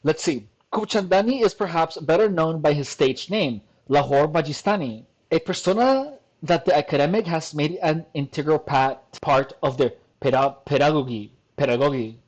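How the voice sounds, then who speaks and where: A man's voice: fairly high pitch, lively intonation, moderate pace, few pauses, darkish tone, muffled recording. A man doing casual reaction commentary from his computer, reading an article aloud, laughing often and stumbling over long words. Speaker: commentary vlogger. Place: home desk at a computer.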